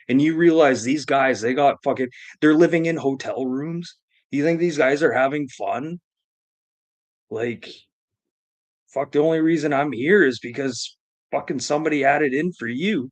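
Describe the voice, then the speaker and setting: A man's voice: medium pitch, moderate pace. Crude, rambling storytelling man. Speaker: live-stream host. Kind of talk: profane comedic storytelling.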